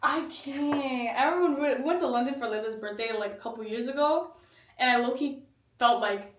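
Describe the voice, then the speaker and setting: Young woman podcast cohost, chatty and jokey, voice a bit high, sounds roomy and off-mic. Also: normal speed. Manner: animated, joking, trails off and restarts. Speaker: podcast co-host. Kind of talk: casual chat. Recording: roomy echo, mic at a distance.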